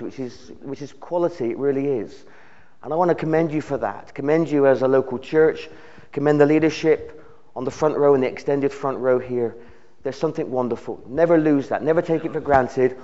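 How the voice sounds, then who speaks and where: A man preaches a sermon in a church at a middle pitch. His delivery is earnest, with words often repeated as he builds each thought. The recording sounds dull and lo-fi. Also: darkish tone. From United Kingdom. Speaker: visiting preacher. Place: church service.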